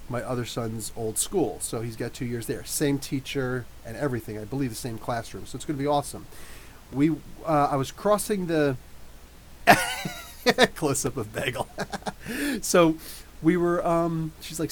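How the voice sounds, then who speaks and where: A man's voice: medium pitch, slight background noise. A man in his thirties from New Jersey, hosting a casual live podcast Q&A, talking in a rambling, chatty way with many restarts. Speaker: podcast host.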